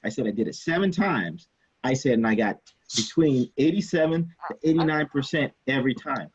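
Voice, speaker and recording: A man teaching chemistry in a casual, animated way, telling a story from his own student days and acting out the people in it. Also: medium pitch, a little fast, slightly rough, dull audio. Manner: animated, acts out quoted people, swears casually. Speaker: chemistry instructor.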